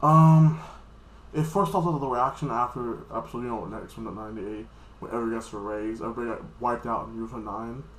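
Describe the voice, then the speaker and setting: A man's voice: mid-range voice, reverberant. A man casually recapping an anime episode in a loose, rambling way, often acting out the characters' lines. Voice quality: acts out characters' lines in quick voices. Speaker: anime reviewer.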